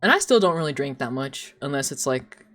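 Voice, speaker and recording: A woman's voice: a bass voice, a little fast. Giggly young woman chatting on stream. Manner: giggly, animated storytelling. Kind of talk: casual chat while drawing on stream.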